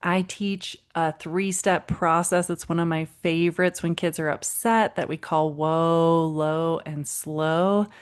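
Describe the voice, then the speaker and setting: A woman's voice: low-pitched, takes it slowly, few pauses, clear, resonant tone. A woman parenting coach hosting a solo podcast episode, speaking in an encouraging, friendly way and acting out quoted lines. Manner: warm, encouraging, acts out quotes with animated voices.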